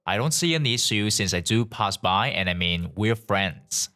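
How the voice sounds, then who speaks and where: A man reading forum stories aloud in a plain, expressive way. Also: on the low side, moderate pace. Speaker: narrator of online stories.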